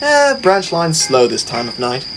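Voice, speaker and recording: A man voicing a boastful, chatty young male tank engine who talks in an excitable, self-important way. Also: high-pitched, normal speed, noisy background, pitched above the performer's own voice. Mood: casual.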